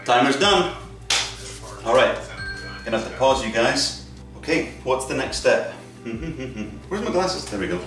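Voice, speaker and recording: A man's voice: mid-range voice, normal speed, far from the mic. A man vlogging his screen-printing work in a casual, chatty way, thinking aloud and adding playful sound effects. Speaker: maker vlogger. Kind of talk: casual workshop narration. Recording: roomy sound with music behind.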